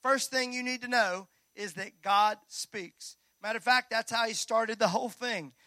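A male pastor preaching a Sunday sermon in a church, energetic and joking with the congregation. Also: very high-pitched, moderate pace, no room sound. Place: church sanctuary.

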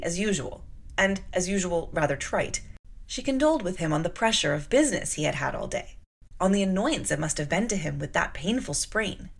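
A woman's voice: mid-range voice, gravelly. A woman hosting a storytime show, reading a classic novel aloud expressively and breaking off to explain the text. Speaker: host and reader. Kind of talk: audiobook reading with commentary.

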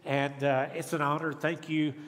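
Folksy preacher in a reverberant church. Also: male voice, a little high, little pitch movement, normal speed, a bit bright. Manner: folksy storytelling, self-deprecating humor. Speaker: guest speaker. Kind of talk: sermon. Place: church sanctuary. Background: congregation responding.

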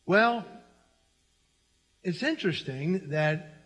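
A man's voice: high voice, animated, slow, fairly bright tone, long reverb tail. A middle-aged man pastor preaching a sermon in a church, talking conversationally and turning to the congregation with asides. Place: church sanctuary.

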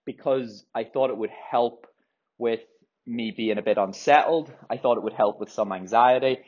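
A man's voice: medium pitch, normal speed, a little mellow. A young man hosting a solo podcast, worked up and rambling with frequent swearing and restarts. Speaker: podcast host, runner. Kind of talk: casual solo podcast monologue. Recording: dull lo-fi audio.

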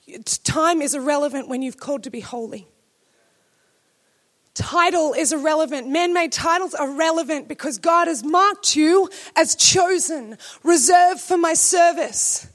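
A woman preacher delivering a sermon to her church, emphatic and at times rising to shouted declarations. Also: high voice, measured pace.

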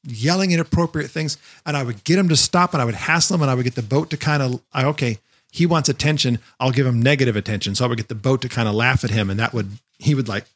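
A man's voice: medium pitch, quick pace. Man, podcast co-host, casual storytelling, acts out quotes. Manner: animated storyteller acting out quotes. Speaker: podcast co-host, former Jungle Cruise skipper.

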